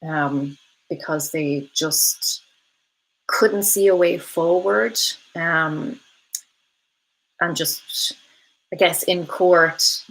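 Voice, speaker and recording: Hosting a live stream, a woman in her thirties chats loosely through viewer comments. Her voice is a bit low for a woman yet fairly bright, and she laughs easily and fills pauses with ums. The recording is rough.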